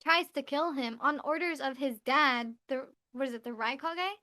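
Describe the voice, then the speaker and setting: Woman co-host, high voice, chatty casual retelling. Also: normal speed, bright, forceful tone. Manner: chatty, acts out quotes in retelling. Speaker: podcast co-host. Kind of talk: casual chat.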